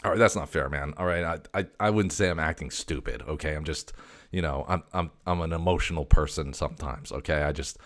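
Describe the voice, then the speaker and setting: Man, video host, very deep voice, profane, stammering, exasperated casual chat. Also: fairly quick.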